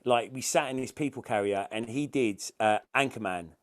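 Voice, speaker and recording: A man's voice: mid-range voice, moderate pace. Man swearing through a story. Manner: swears freely, laughs through stories. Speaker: podcast co-host. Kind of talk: casual chat.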